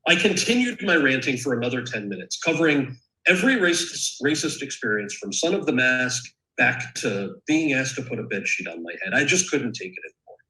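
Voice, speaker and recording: A man's voice: mid-range voice, bright, forceful tone, rough recording. A man from the United States, an author and actor, reading from his memoir and then answering questions in a candid, thoughtful way with frequent restarts. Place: event stage or panel, indoors.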